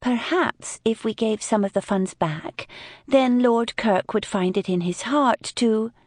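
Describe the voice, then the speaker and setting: A woman narrator voicing a sharp, practical young woman who speaks with incredulous exasperation. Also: a little high, a little slow, no room sound, clean studio sound, voice pushed up. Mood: exasperated.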